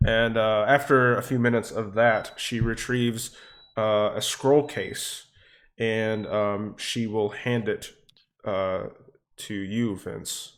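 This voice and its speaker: A man narrating as game master for a tabletop game, relaxed and full of fillers. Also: fairly low pitch, slow.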